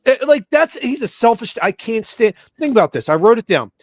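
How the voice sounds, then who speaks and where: A man's voice: very high-pitched, sing-song, a little fast, dry recording, clean studio sound. Fired-up profane man ranting about sports. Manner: profane, heated, repeats himself. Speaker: podcast co-host. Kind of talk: casual sports rant.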